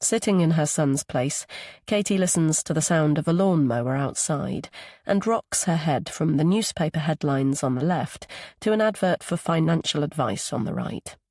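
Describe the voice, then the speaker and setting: A woman's voice: low voice, lively intonation, normal speed, darkish tone, no room sound, studio quality. A woman narrating a psychological thriller audiobook, giving each character its own voice.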